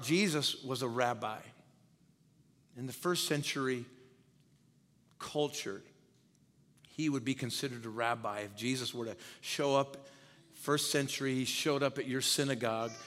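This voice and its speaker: Emphatic pastor, booming hall reverb. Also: male voice, measured pace, fairly bright tone. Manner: emphatic, repeats key phrases, quizzes the audience. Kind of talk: sermon.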